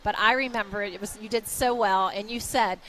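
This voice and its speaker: A woman's voice: mid-range voice, fairly even intonation, a little fast, a bit bright, a little hiss or hum, rough recording. An older woman with a West Virginia accent co-hosting a live local fair broadcast, chatting and asking questions with frequent ums.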